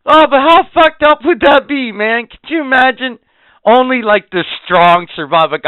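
A man's voice: very high voice, moderate pace, clear, resonant tone, no room sound. A man co-hosting a casual podcast chat, ranting and swearing as he gets worked up. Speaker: podcast co-host. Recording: tinny phone-like sound, dry.

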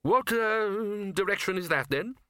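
A man voicing a bluff, loud older male head wizard who stammers and hums. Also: high-pitched, animated, measured pace, clear, resonant tone, no echo, clean studio sound, voice pushed up. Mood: blustering.

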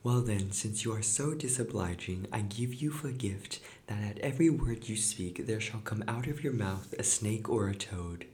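A man voicing a calm female fairy in disguise, who speaks softly and without anger. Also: on the low side, normal speed, hardly any pauses, lightly acted.

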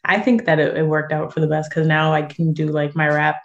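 A chatty young woman from San Diego talks through her music in a relaxed interview. Her speaking voice sits low, and she leans on fillers and quick laughs as she goes. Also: dull audio. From San Diego, USA. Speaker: guest musician and actress. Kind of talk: casual interview chat.

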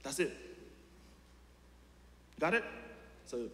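A man's voice: fairly high pitch, sing-song, very slow, a bit bright. A man preaching a sermon in a casual, chatty way, full of fillers and restarts and questions put straight to the congregation. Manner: talks directly to the congregation with questions. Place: church hall. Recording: echoey hall with long reverb.

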